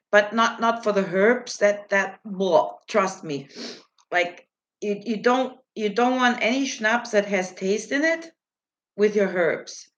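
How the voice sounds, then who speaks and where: Slow, giggly woman chatting on a livestream. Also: mid-range voice, a bit bright, lo-fi sound. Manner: giggly, rambling, self-mocking; breaks off to read and answer chat messages. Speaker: livestream host. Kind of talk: casual livestream chat answering viewers.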